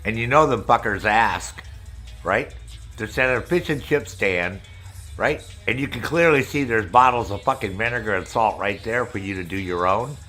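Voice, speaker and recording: A middle-aged man with a lowish voice hosts a loose, rambling chat with his viewers. He swears freely as he spins his stories. Faint music plays underneath. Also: moderate pace, pushed and bright. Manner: profane, rambling storyteller. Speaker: streamer host. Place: Maine, United States.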